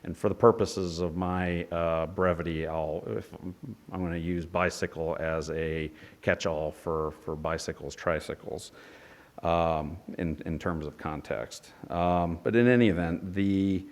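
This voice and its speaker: A man with a very low voice delivers a technical report at a formal public hearing. He pauses often, fills gaps with "uh" and restarts his sentences. His voice carries a long reverb from the hearing room. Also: steady tone. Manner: halting, many fillers and restarts. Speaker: engineer presenting a development project.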